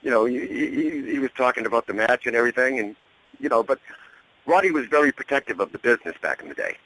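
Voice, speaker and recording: Animated man telling a story. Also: mid-range voice, fast, no echo, low-quality recording. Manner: animated storyteller, laughs often, acts out quotes. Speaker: guest. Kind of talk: casual anecdote over a radio show.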